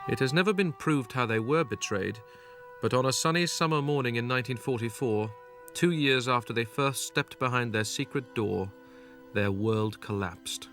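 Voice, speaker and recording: A man giving scripted documentary narration in a measured, grave delivery. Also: mid-range voice, fairly bright tone, soft background music.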